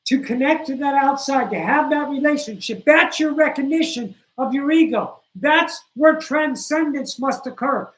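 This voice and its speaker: Her voice is high and the recording low in quality as she hosts a spiritual teaching livestream. Blunt, profane and preachy, she speaks to her viewers and hammers points home by repeating them.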